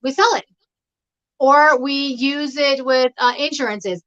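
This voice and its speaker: A woman's voice: sits high, slow, fairly bright tone. A woman talking casually as a guest on a home livestream, rambling and laughing often over a video call. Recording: dull lo-fi stream audio.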